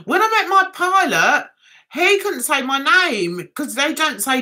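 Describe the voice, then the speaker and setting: A woman's voice: high voice, sing-song, unhurried, pushed and bright. A woman hosting a casual livestream, chatting and giggling as she reads viewer comments and answers them fondly. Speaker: livestream host.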